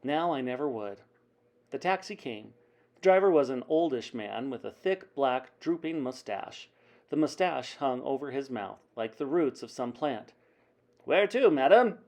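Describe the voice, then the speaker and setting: Animated male storyteller with lively pitch. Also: moderate pace. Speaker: teacher reading aloud. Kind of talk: reading a children's book aloud.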